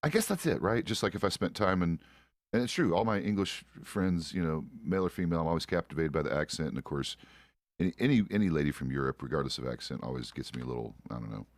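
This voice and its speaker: Deep-voiced, laid-back American man. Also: quick pace, no echo, clean studio sound. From United States. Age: middle-aged. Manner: profane, laid-back, chuckles often. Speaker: roleplay streamer. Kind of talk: casual chat while roleplaying a game.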